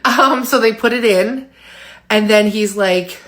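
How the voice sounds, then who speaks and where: A woman's voice: mid-range voice, measured pace, fairly bright tone. A woman in her forties, tired, telling a rambling, candid story in a casual personal vlog from home, full of fillers. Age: 40s. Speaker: vlogger.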